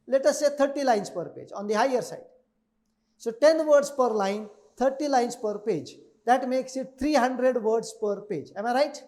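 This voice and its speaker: A man's voice: extremely high pitch, a little mellow. A man who trains people in speed reading, giving an emphatic webinar lecture that repeats key numbers and keeps asking listeners to agree.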